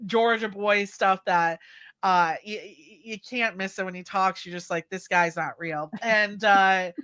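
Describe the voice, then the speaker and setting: Woman, bright clear voice, casual podcast chat, animated storytelling, lots of fillers. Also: mid-range voice, measured pace. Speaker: guest co-host.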